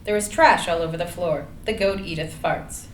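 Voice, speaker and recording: A woman's voice: on the low side, normal speed. Woman reading screenplay directions. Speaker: narrator. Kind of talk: reading screenplay action lines. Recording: echoey room, light noise.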